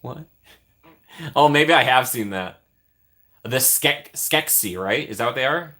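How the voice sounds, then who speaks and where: Man, streamer, casual live chat, jokey asides, bright tone. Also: medium pitch, animated, measured pace. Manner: jokey, thanks chat often, trails off into asides.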